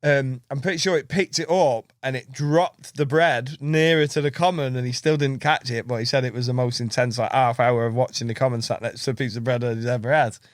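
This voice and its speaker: Bloke rambling thru a story, acting out quotes, dead dry sound. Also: male voice, mid-range voice, fairly even intonation, fairly quick, hardly any pauses, no echo. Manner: rambling storyteller who acts out quotes and laughs often. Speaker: podcast guest. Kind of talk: casual chat.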